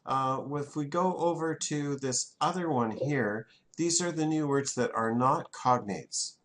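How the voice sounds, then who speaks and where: A man's voice: medium pitch, a little slow, fairly bright tone. A man, teaching a French class in a classroom and having students repeat words back.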